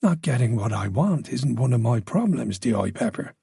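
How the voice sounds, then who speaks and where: A man voicing a soft-spoken, menacing male caller with an Irish accent and a purring, soothing tone. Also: medium pitch, very animated, normal speed, creaky, husky, no room sound, studio quality, full character voice. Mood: menacing calm.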